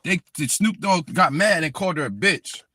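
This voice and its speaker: A somewhat high-voiced man, pushed and bright with lively intonation, angrily rants on a live stream at normal speed while directly addressing the person he's criticizing. The sound is slightly rough.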